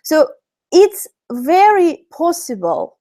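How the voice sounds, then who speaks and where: A woman's voice: extremely high pitch, sing-song, slow pace, mellow. A woman with a Russian accent, a native Russian speaker, teaching an online English lesson in a chatty way full of fillers and self-corrections. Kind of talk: live-streamed online lesson.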